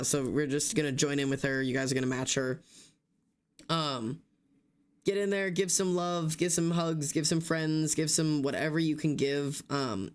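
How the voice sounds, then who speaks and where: A young man streaming, exhausted and yawning, talking casually and apologetically to his chat. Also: a little high.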